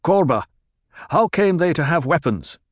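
A man's voice: on the high side, sing-song, a little slow, no room sound, clean studio sound, voice pushed up. A man reading an audiobook voices a commanding young male duke who barks stern orders. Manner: barks orders, rising to shouts. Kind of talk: audiobook character voice.

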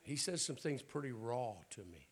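A man's voice: medium pitch, expressive, normal speed, breathy edge. A middle-aged man with a Southern US accent, preaching a folksy, joking sermon in a church. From American South. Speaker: guest preacher. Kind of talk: humorous sermon.

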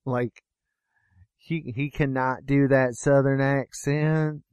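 A man's voice: mid-range voice, fairly even intonation, slow pace, a little mellow, clean tone, no room sound, muffled recording. A man co-hosting a film review podcast, talking in a jokey, rambling, self-deprecating way. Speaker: podcast co-host reviewing films. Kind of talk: casual chat.

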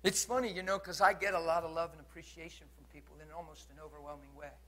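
A man preaching a sermon in a blunt, earnest and challenging way, moving between loud urging and quiet intensity. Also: on the high side, steady tone, quick pace.

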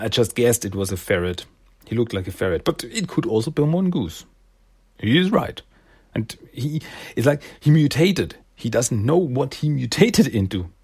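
Man, casual comic recap, rambling delivery, husky mid-range voice. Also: medium pitch. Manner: rambling, loose storytelling with fillers. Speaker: comic reviewer.

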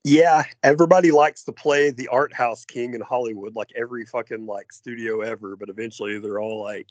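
A man's voice: mid-range voice, steady tone, fairly quick, few pauses, dry recording. A man co-hosting a podcast, chatting casually and jokingly about movies, swearing and laughing often. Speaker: podcast co-host. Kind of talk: casual movie review chat.

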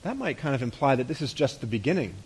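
A pastor preaching a conversational sermon, asking rhetorical questions and letting his voice drop softly at the ends of phrases. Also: mid-range voice, big pitch swings, quick pace, husky.

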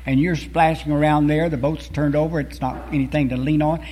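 A man's voice: fairly high pitch, fairly even intonation, brisk, a little mellow. A man preaching a sermon, reading scripture and poetry with earnest rising and falling emphasis. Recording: long hall reverb.

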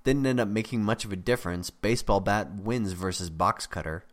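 Brief: man reading as a beat-up young guy on pain meds, lazy, gravelly rasp, low voice. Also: brisk, close to an everyday voice. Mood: wry.

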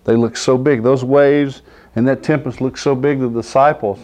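A man's voice: mid-range voice, fairly even intonation, moderate pace, darkish tone. A man preaching an informal sermon, reading scripture aloud and often asking the listeners if they understand. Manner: conversational, asks "do you understand?" often; acts out quoted figures with laughter.

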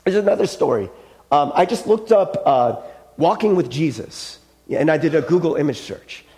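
A man preaching a sermon as pastor, telling stories in a casual, chatty way with lots of fillers and restarts, dropping softer when he quotes the people in them. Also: a little high, very animated, moderate pace.

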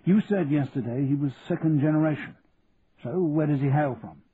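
A man with a fairly high, pushed-up voice and a moderate pace plays a shrewd, chummy sixty-four-year-old Cockney businessman, lightly acted and full of blunt, matey banter. The audio is tinny and lo-fi with a faint hiss.

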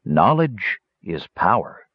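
A man's voice: low voice, big pitch swings, slow, husky, dry recording, lo-fi sound, exaggerated voice. A man voicing a gracious old dragon. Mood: courteous. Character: ancient wise male dragon host, courteous.

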